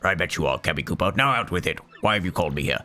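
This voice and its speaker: A hoarse man voicing a pompous, bossy male monster king with a pirate-like growl. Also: low voice, animated, rapid-fire, pushed and bright, voice pushed down. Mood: grumpy.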